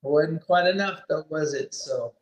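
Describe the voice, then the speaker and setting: Dude guest on a chat show, slightly high voice, easygoing storytelling, roomy echo. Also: male voice, a little slow, lo-fi sound. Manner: laid-back storytelling, swears freely. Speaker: racer guest. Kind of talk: casual podcast chat. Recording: echoey room.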